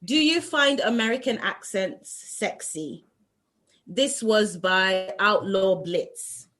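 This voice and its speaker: Woman, podcast co-host, casual chat, brisk, mid pitch. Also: fairly bright tone, faint music behind. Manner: brisk, steers the talk along. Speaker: podcast co-host reading listener questions.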